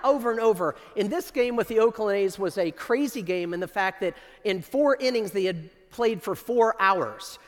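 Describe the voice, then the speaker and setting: A middle-aged man telling a story in a keynote talk on stage, with energetic, enthusiastic delivery. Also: sits high. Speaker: conference speaker. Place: stage in a large hall. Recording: long reverb from a large hall.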